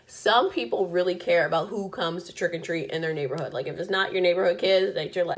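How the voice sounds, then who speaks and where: A woman's voice: on the low side, expressive, fairly quick, few pauses. A woman vlogging as a single mom, telling a story in a chatty, exasperated rant full of "like". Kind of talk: casual storytelling rant to camera.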